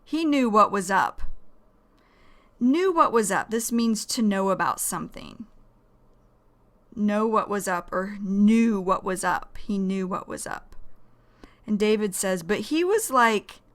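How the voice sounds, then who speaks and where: Patient woman English teacher, mid pitch, unhurried, repeats each word as she explains it. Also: expressive. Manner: explains words slowly, repeating them. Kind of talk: slow, careful vocabulary lesson.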